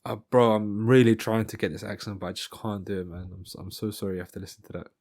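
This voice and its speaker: A man's voice: on the low side, level tone, fast, a little mellow. A man giving casual fight commentary in a rambling style, often stopping to correct himself. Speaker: MMA commentator.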